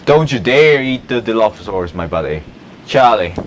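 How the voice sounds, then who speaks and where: A man giving casual let's play commentary on a park-building game, chatty and excitable, talking to the dinosaurs and laughing often. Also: on the low side, normal speed, a little hiss or hum. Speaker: gameplay YouTuber.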